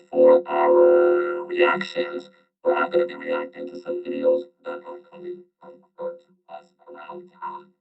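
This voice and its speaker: A man's voice: rumbling low, gravelly, highs cut off. A man hosting a casual livestream reaction, chatting to his viewers with many fillers, through a glitchy robot-voice mic. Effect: glitchy robot voice filter from a faulty mic. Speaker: host reacting to videos.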